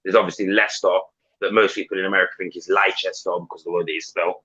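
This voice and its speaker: A man's voice: deep voice, fairly even intonation, rapid-fire, sharp tone, husky. A man with a Nottingham accent hosting a voice chat, teasing and laughing as he rambles with restarts. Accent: Nottingham English. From Nottingham, England. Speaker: chat room host. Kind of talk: casual voice-chat banter. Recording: dull lo-fi voice chat audio.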